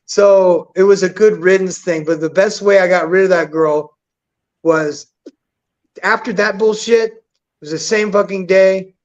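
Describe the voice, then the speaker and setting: A man telling a story in a casual, crude, blunt way, full of swearing and lively acted-out quotes. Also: high voice, measured pace. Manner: profane, blunt, animated, acts out quotes. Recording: dull lo-fi sound.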